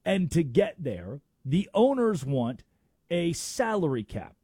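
A man's voice: on the high side, sing-song, slow, dark tone, husky, dry recording, clean studio sound. A man hosting a sports talk radio show, making emphatic arguments with rhetorical questions.

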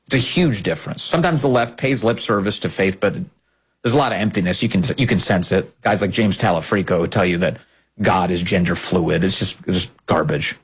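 Husky man delivering emphatic commentary. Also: low voice, brisk. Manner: emphatic, scornful, repeats phrases for effect. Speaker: political commentary host. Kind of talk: political commentary monologue.

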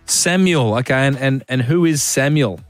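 A man's voice: mid-range voice, normal speed, faint music behind. An Australian man hosting a radio show, playful and teasing a caller. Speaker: radio host. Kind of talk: breakfast radio banter.

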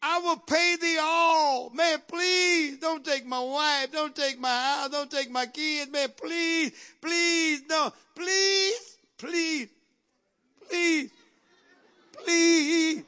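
A man's voice: very high voice, steady tone, drawn-out words, sharp tone, pitched above the performer's own voice, heavily acted. A man playing a desperate servant begging. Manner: pleading, repeating please over and over. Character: desperate indebted male servant begging for mercy.

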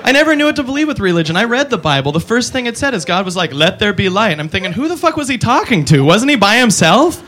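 A male stand-up comic on a club stage with a high, bright voice, rambling loosely between bits. He keeps jumping into loud put-on voices for the characters in his jokes. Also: big pitch swings, fast, hardly any pauses. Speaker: stand-up comedian. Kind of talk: stand-up comedy.

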